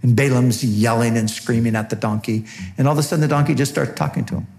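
Man, Bible teacher, conversational sermon, mid-pitched voice, loose fillers and restarts. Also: fairly even intonation, fast talker, vocal fry, darkish tone. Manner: conversational, repeats words, many fillers.

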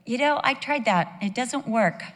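A woman's voice: a little high, lively intonation, moderate pace, a bit bright, big-room sound. A woman preaching a sermon, emphatic and mixing in humorous personal asides.

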